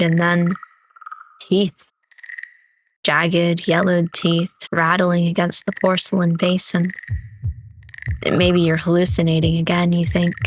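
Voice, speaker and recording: A young woman streamer reading horror narration from a visual novel slowly and dramatically. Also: on the low side, low-quality recording.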